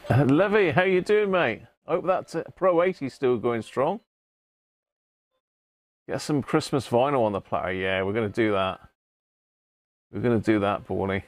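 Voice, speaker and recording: A man's voice: medium pitch, animated, moderate pace, long pauses. A man hosting a casual livestream, chatting with viewers and greeting them by name, laughing often. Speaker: livestream host. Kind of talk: casual live chat with viewers.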